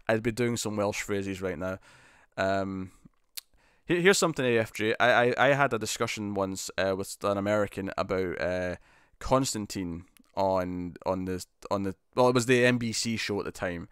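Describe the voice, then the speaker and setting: A man's voice: lowish voice, fairly bright tone, smooth, no echo. A young man hosting a casual live stream, reading viewer comments aloud and answering them with frequent ums and laughs, into a studio mic with a pop shield. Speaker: host.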